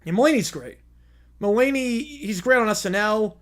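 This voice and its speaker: A man's voice: sits high, animated, normal speed. A man hosting a live stream, chatting casually and rambling, often repeating himself. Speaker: streamer host.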